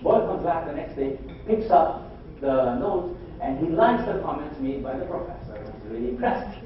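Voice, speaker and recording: A man's voice: on the high side, lively intonation, normal speed, slight background noise. A man from the Philippines with a Filipino accent, giving a sales seminar, telling stories in a conversational way and checking in with the audience. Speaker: sales trainer. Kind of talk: seminar lecture with storytelling. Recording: echoey hall, distant dull mic.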